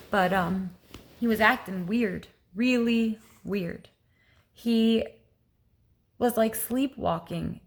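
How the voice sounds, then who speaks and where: Gravelly husky woman telling a testimony. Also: medium pitch. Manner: earnest, halting, many restarts and asides. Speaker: testimony vlogger. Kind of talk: personal testimony, casual storytelling.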